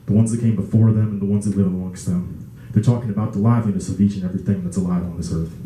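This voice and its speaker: A man's voice: sits low, dark tone, roomy sound, a little hiss or hum, low-quality recording. A man performing spoken word poetry at an open mic, with a repetitive, incantatory chanting delivery and occasional casual asides. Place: small live music venue, indoors.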